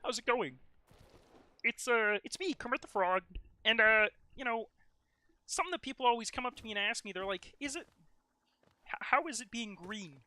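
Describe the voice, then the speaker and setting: A man doing Kermit the Frog, nasal and bright. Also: very high-pitched, expressive, normal speed, pauses often, no echo, pitched above the performer's own voice, heavily acted. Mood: folksy. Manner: hesitant, filler-heavy storytelling. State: sick, voice strained. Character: well-meaning male frog puppet, folksy and rambling.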